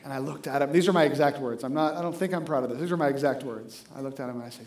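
Speaking very fast with few pauses, this man in his thirties has a mid-range voice and a roomy sound. He's a pastor giving a sermon, animatedly telling a story, acting out its dialogue, and trading jokes with the congregation.

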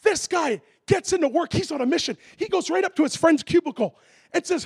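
A man preaching a sermon as a lively story, acting out voices and making comic sound effects. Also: very high voice, brisk, creaky, no room sound, studio quality. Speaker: pastor.

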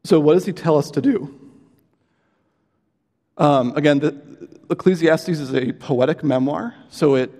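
This American pastor's voice is fairly high yet dark in tone, and he preaches at a measured pace with frequent pauses. His sermon is earnest and conversational, dotted with fillers and restarts, and echoes with long hall reverb.

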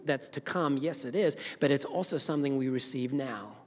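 A middle-aged man with a Zimbabwean accent preaching a sermon as pastor, moving between loud, fervent preaching and quiet, earnest talk. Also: medium pitch, moderate pace. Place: church sanctuary. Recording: long reverb of a church hall.

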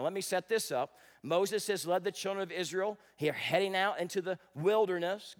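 A man preaching a sermon as pastor, swinging between dramatic loud bursts and quiet, intense passages. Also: high-pitched.

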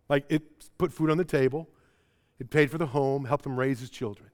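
A man with a Chicago-area accent preaching a sermon, swinging between loud emphatic bursts and quiet low passages, often repeating words as he presses a point. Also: a little fast. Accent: Chicago-area American. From American Midwest. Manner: stumbles and repeats words when excited. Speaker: pastor.

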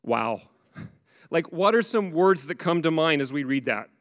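A male pastor in his thirties preaches with a lively, conversational manner and often turns to the congregation with questions. His voice sits a little high for a man. The sound carries the long reverb of a church sanctuary. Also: measured pace. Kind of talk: sermon.

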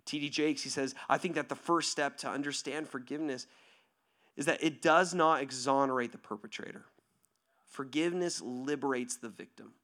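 Male preacher, bright and forceful tone, chatty sermon delivery with big swings from loud to whispered. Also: mid-range voice, normal speed. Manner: animated, conversational, asks "right?" constantly; swings from near-shouting to hushed whispers. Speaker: pastor.

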